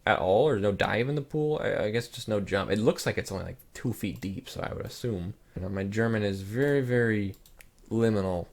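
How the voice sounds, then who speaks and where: A man's voice: on the low side, fairly quick, vocal fry. A young man hosting his channel, reacting to pictures in a loose, rambling casual chat full of "like" fillers. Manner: relaxed, rambling, lots of "like" fillers. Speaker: channel host.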